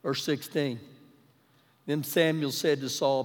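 Male pastor, very high voice, emphatic sermon, rhetorical questions, live church recording, long hall reverb. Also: lively intonation, a little slow, fairly bright tone. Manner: humorous paraphrasing of scripture. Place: church sanctuary during a live service.

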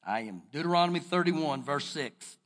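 A man with a Texan accent preaching a sermon as pastor, talking emphatically and conversationally, with bursts of shouting. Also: on the high side, animated, normal speed. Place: church sanctuary. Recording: long hall reverb from a church sanctuary.

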